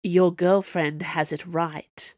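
A woman's voice: lowish voice, fairly even intonation, takes it slowly, darkish tone, dry recording, clean studio sound. A woman voicing a smarmy, wealthy, ruthless male villain in an audiobook, smug and drawling.

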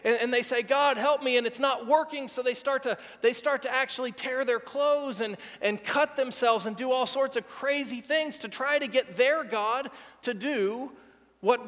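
A pastor delivers a sermon, narrating a scripture story with vivid quoted dialogue. His speaking voice sits very high for a man. The sound rings with the long reverb of a large church sanctuary. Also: a bit bright.

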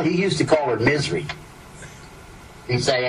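A man's voice: mid-range voice, expressive, measured pace, pauses often, over a noisy crowd. A man telling meandering anecdotes, breaking off mid-sentence and chuckling at his own stories. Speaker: storyteller. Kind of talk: rambling anecdotal storytelling. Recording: distant mic with clear background noise.

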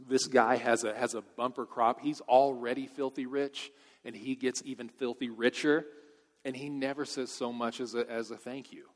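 A man's voice: mid-range voice, steady tone, moderate pace. A man, preaching a sermon with emphatic storytelling and casual asides. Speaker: pastor. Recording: long hall reverb.

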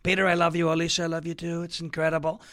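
A man doing a mocking impression of a lovesick man and woman, crooning in a breathy mock-romantic way. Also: a little high, completely flat delivery, rapid-fire, fairly bright tone, natural voice. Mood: mocking, swooning. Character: two swooning lovesick agents, man and woman, mocked.

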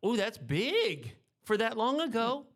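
A man hosting a relaxed staff interview, upbeat and full of jokes. His voice carries a gravelly fry, and he keeps the chat light and teasing. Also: very high voice, unhurried. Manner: playful, joking, upbeat. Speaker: interviewer for a hospital staff feature.

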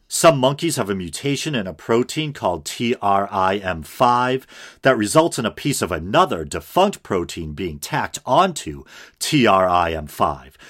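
A man with a lowish voice giving a casual podcast commentary. He chuckles easily, reads passages aloud in a steady explanatory way, and breaks off for quick self-correcting asides. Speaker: podcast host responding to a clip. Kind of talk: casual commentary over a played debate.

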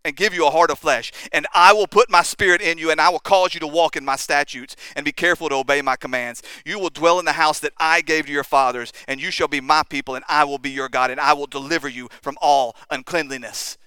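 A man preaching a sermon, impassioned, swinging between quiet and intense. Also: fairly high pitch, fairly even intonation, fast talker, few pauses, clear, resonant tone, dry recording. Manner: impassioned, rises and drops in intensity.

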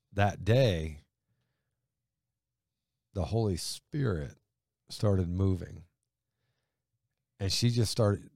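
A pastor with a lowish voice talks through scripture with a co-host, earnest and conversational. He builds to emphatic points, then drops his voice low. The sound is dry and close. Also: darkish tone, no room sound.

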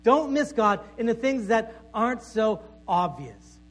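A male pastor preaching a sermon before a congregation in a conversational way, checking in with "right?" and dropping to a soft voice for emphasis. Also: very high-pitched, expressive, a little slow. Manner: conversational preaching with frequent "right?" tag questions and stammered repeats; drops to soft, quiet tones for emphasis.

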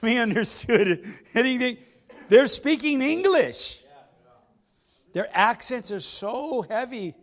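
A man's voice: very high voice, lively intonation, slow pace, a bit bright. A man preaching a sermon as pastor, emphatic, repeating his phrases and putting questions to the congregation.

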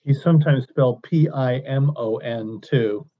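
A man with a medium-pitched voice chimes in eagerly during a study group discussion. The recording sounds slightly dull and muffled. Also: a little slow.

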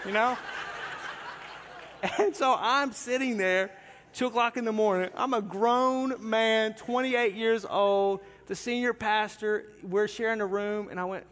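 In a large church with long hall reverb, a pastor tells his congregation a humorous sermon story, speaking animatedly and directly to them. His voice sits high and a bit bright at a normal speed, and there's a little hiss or hum.

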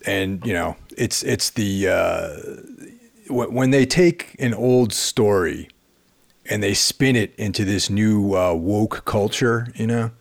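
A man chatting casually about movies, measured and hesitant with many fillers. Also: fairly low pitch, creaky, no echo. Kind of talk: casual chat.

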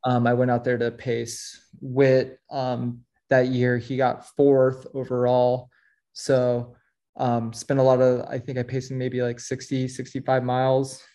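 A man's voice: medium pitch, monotone, unhurried, mellow. Easygoing man telling a story. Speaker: podcast guest. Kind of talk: casual interview chat.

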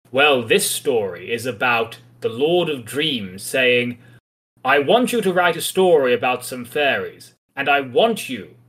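A man's voice: medium pitch, a bit bright. A man hosting a podcast, talking through a comic in a chatty, thoughtful and mildly wry way. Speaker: podcast host. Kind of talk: casual podcast discussion.

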